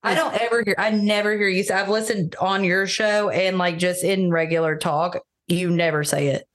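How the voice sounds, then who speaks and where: Chatty, foul-mouthed woman podcast host. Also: lowish voice. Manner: chatty, profane, animated, quick to laugh. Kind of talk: casual chat.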